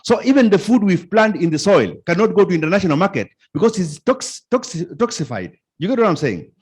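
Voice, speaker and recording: A man's voice: sits high, brisk, breathy edge. A middle-aged Kenyan man giving an informal conference talk, quizzing the audience and repeating his points. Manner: animated, asks the audience questions, repeats phrases. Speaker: conference speaker.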